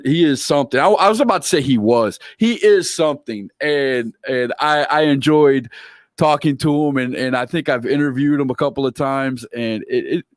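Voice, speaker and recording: A man's voice: mid-range voice, dry recording, studio quality. A man hosting a casual interview, telling stories animatedly and acting out quoted voices. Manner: animated storyteller, acts out quoted voices with laughs. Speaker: interview host.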